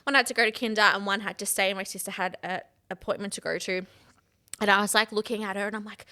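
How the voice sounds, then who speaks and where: A woman's voice: medium pitch, steady tone, fast talker, bright, forceful tone. A woman in her thirties, co-hosting a podcast in casual, rambling chat full of "like" and restarts. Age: 30s. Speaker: podcast co-host.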